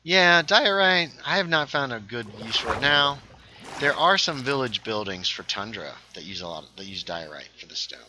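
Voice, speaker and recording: A man hosting a casual gaming livestream, chatting while he plays, reading viewer comments aloud and sometimes dropping into hushed asides. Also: medium pitch, normal speed, slight background noise, low-quality recording. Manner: lively, reads chat aloud, drops into hushed asides.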